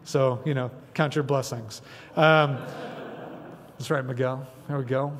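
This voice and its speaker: A man's voice: medium pitch, fairly even intonation, unhurried, in a large hall, slight background noise. A man preaching a sermon as pastor, chatty and conversational with frequent asides. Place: church sanctuary.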